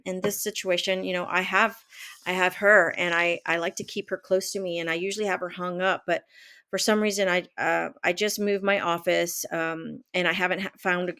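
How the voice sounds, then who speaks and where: A woman's voice: fairly low pitch, a bit bright. Rambling woman in her fifties. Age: 50s. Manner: rambling, many fillers and restarts. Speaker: vlogger and life coach. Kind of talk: casual talk to camera. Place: home office.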